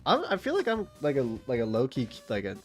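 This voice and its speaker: Rambling, swearing streamer man, very lively pitch. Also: fast, faint music behind. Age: late 20s. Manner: rambling, profane, chatty with chat and game animals. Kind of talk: casual gameplay commentary.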